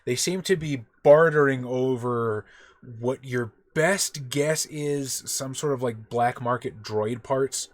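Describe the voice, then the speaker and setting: A man's voice: medium pitch, takes it slowly, no echo. Game master, man, casual narration, dry close mic. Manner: casual, loose narration with fillers.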